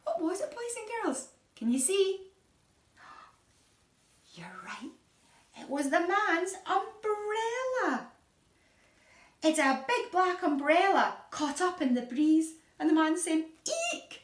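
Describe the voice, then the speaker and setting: A woman reads a picture book aloud to little children, her high voice swooping up and down in sing-song storytelling. She takes her time with the words. The sound is echoey, and she is a little way off from the mic. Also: takes it slowly. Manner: animated, sing-song storytelling with gasps and questions. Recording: echoey room, voice from a distance.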